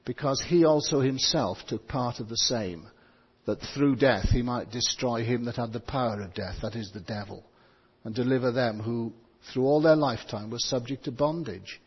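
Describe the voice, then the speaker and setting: A man preaching a sermon, reading scripture and slowing down to stress key words. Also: mid-range voice, husky. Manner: stresses words, slows for emphasis. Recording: dull sound with long hall reverb.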